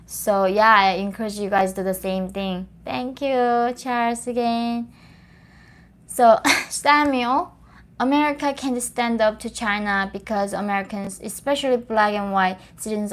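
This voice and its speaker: A woman's voice: mid-range voice, fairly even intonation, measured pace. A young woman from North Korea, a native Korean speaker, talking earnestly to an audience in English and often repeating and restarting phrases. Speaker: host.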